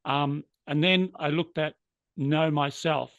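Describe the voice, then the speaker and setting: A man tells a story from his working life with sincere feeling. His voice sits slightly high. The sound is dry and close, with a dull, muffled edge. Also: fairly even intonation, slow pace, a bit bright, dry recording. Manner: earnest, moved to emotion at times. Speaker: interview guest. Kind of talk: reflective storytelling.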